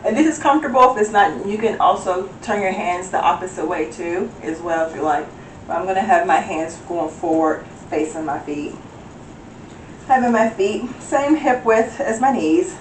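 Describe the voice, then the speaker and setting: A woman's voice: mid-range voice, moderate pace, a little hiss or hum. A woman leading a yoga class, playful and giggly as she calls out each breath and pose. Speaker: yoga instructor. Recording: roomy echo, voice from a distance.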